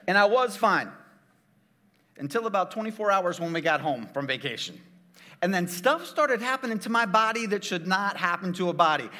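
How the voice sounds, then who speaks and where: A man's voice: sits high, lively intonation, fairly quick, pushed and bright, in a large hall. A middle-aged man, a pastor, tells a funny personal story in a sermon, jokey and talking straight to his audience.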